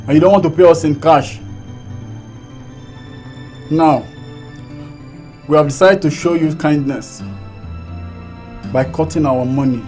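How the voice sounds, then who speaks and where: A man's voice: on the high side, fairly even intonation, a little slow, long pauses, a little mellow, soft background music, lightly acted. An actor playing a mocking robber who demands his money. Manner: mocking, menacing.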